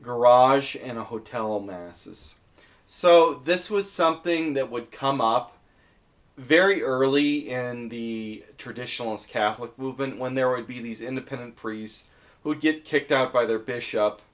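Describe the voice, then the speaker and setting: A man's voice: medium pitch, measured pace. A man giving casual commentary as he explains topics one by one, conversational and thinking aloud with some fillers. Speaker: video essayist.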